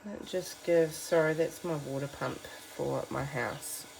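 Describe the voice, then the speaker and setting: A woman's voice: deep voice, a little slow, vocal fry, darkish tone, a little hiss or hum. A woman giving a chatty, encouraging painting tutorial from her home art studio, talking to viewers as friends. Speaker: art teacher.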